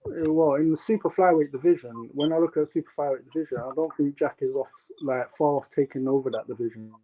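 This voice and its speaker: A man's voice: a little high, fast, rough recording. A young man, a guest boxer, tells stories in casual chat with many fillers. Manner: animated storytelling with many fillers.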